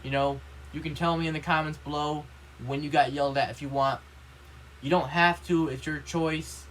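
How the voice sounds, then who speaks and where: A man's voice: on the high side, fairly even intonation, moderate pace, a bit bright, a little hiss or hum, rough recording. A young man vlogging an earnest, rambling rant, with constant "you know" and "like" fillers. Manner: earnest and upset. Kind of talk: casual rant to camera.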